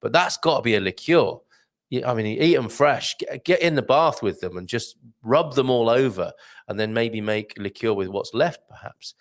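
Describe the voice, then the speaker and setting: A man's voice: medium pitch, animated, normal speed. A middle-aged man hosts a casual livestream, chatting and joking as he reads viewer comments aloud. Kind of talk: casual live-stream chat.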